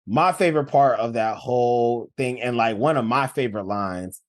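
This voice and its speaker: A man co-hosting a casual podcast, lively and laughing often. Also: mid-range voice, moderate pace. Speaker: podcast co-host. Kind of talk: casual chat.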